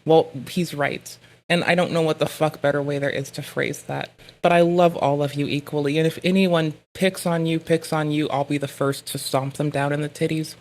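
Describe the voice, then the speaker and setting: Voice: mid-range voice, steady tone, normal speed. A live streamer in casual chat, rambling and swearing freely, punchy from lack of sleep, with mock-angry rants. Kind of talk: casual livestream chatter.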